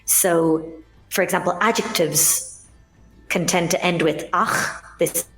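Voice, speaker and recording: Irish woman guest, lowish voice, eager teacher's explaining manner; echoey room, faint music. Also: a little slow. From Ireland. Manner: enthusiastic, explanatory, lively. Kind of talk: casual interview chat.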